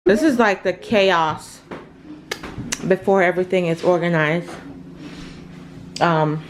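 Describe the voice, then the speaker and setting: Slow, chatty woman from Jamaica. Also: lowish voice. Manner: unhurried, chatty, frequent filler words. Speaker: mother and family vlog host. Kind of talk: casual home vlog chat. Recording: noisy home recording.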